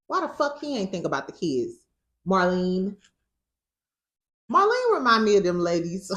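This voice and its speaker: A young woman with a St. dishes on a reality show in casual, profane commentary. Her voice sits low but swings widely, full of sass and bursts of laughter. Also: sing-song, moderate pace, pauses often. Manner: sassy, profane, laughs often. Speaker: reality TV recap host.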